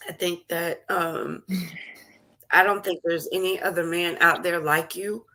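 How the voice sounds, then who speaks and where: Woman host, slow delivery, bright tone, heartfelt and emotional. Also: fairly low pitch, fairly even intonation. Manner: slow, warm-hearted, laughs and tears up. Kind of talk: emotional conversation.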